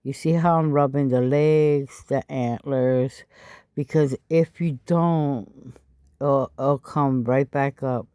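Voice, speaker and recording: A woman hosting a casual craft tutorial, tired and a little stuffy, with a raspy, low voice as she explains each step. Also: steady tone, takes it slowly, mellow, dry recording. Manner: chatty, explaining step by step with frequent asides. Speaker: craft channel host.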